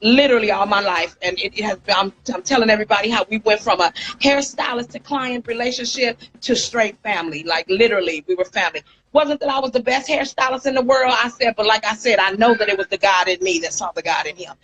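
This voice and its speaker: A woman in her fifties from Inglewood, California, an animated hairstylist telling stories in a casual interview and often calling the listener "girl". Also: mid-range voice, fast, faint music behind, rough recording. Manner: animated, acts out quotes, says "girl" often. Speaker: celebrity hairstylist and guest.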